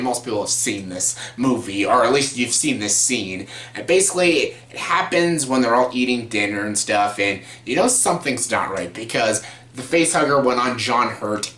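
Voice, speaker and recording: A man's voice: medium pitch, sharp tone. A man talking casually and enthusiastically on a vlog about films he loves, rambling with many fillers and restarts. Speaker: movie reviewer. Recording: echoey room.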